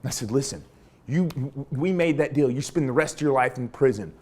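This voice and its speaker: A man's voice: mid-range voice, brisk. A middle-aged man, a former army interrogator, telling a story from his service and acting out the dialogue. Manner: animated storyteller, acts out dialogue. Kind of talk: storytelling talk.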